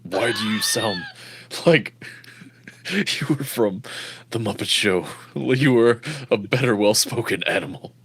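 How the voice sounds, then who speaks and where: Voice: mid-range voice, animated, takes it slowly, slight background noise. A tabletop game player who keeps throwing wisecracks and jokes at the game master. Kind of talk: casual chat at a tabletop game.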